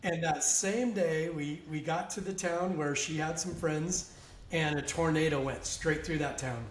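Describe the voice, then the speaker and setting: A man with a slightly raised pitch tells a story on a podcast, casual and animated, laughing along. The room rings with echo, and a faint hiss sits under his voice. He talks the way a guest does when he has told a story before and enjoys it. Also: a little slow. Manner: animated anecdote-teller who laughs along.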